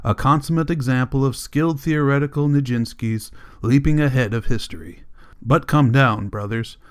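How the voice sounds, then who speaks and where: A man reading a sarcastic, forceful political leader. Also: mid-range voice, normal speed, clear, resonant tone, natural voice. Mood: mocking. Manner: biting, sarcastic. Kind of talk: audiobook character reading.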